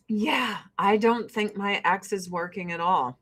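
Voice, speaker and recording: A woman's voice: mid-range voice, lively intonation, unhurried, hardly any pauses. A woman in her forties ranting casually and profanely to camera while getting ready. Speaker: vlogger.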